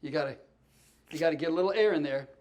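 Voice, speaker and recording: A man telling comic stories as a talk show guest, animated, stumbling over restarts and laughing through punchlines. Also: on the high side, fast. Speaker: comedian and guest. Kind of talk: storytelling chat.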